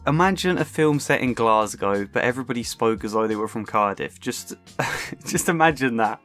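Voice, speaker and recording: A man from Suffolk with a faint English accent and only slight local traces, narrating a personal film video essay in a chatty, self-aware way with soft laughs and ums. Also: medium pitch, lively intonation, normal speed, soft background music. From Suffolk, England. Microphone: close home microphone.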